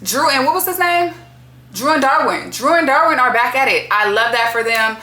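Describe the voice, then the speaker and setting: A woman's voice: sits high, lively intonation, moderate pace, bright, forceful tone, roomy sound. A woman hosting a casual reality-TV recap, talking bluntly with lots of profanity and strong opinions. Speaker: TV recap host.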